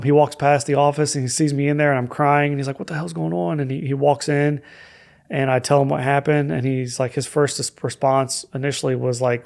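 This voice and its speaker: Podcast guest, young adult man; candid, reflective storytelling with a gravelly, monotone delivery. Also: medium pitch. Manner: candid and reflective, with hesitant fillers. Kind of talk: personal story in a podcast conversation.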